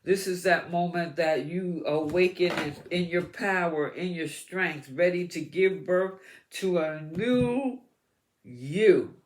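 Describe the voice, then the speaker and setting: Slow, encouraging tarot reader. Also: mid-range voice. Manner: encouraging, repeats words while pulling cards. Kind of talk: astrology tarot reading to camera.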